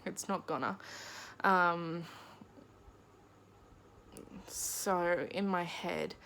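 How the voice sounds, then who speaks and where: A young woman telling a personal story in a diary vlog, speaking in a halting, emotional way with pauses, close to tears. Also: on the low side, steady tone, gravelly, a bit bright, a little hiss or hum. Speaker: vlogger.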